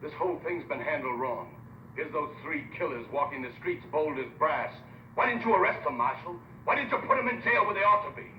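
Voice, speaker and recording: A man's voice: mid-range voice, slight background noise, lightly acted. An actor playing an agitated townsman who fires accusing questions. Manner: rapid, accusing. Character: agitated townsman challenging the marshal. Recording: distant, dull, echoey old film sound.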